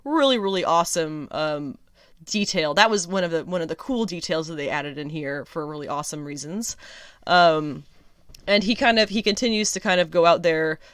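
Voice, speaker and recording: A woman hosting a casual solo review podcast, chatty and sarcastic, laughing often and filling pauses with ums. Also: lowish voice, clean tone, no room sound, studio quality. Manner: chatty, lots of ums and restarts. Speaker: podcast host.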